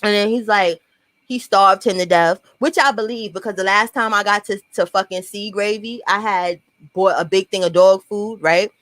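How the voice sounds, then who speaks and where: A young woman with a New York accent telling a profane, animated storytime and acting out what people said. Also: medium pitch, normal speed, no echo. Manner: profane, animated, acts out quotes. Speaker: storyteller vlogger. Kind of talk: casual storytime monologue.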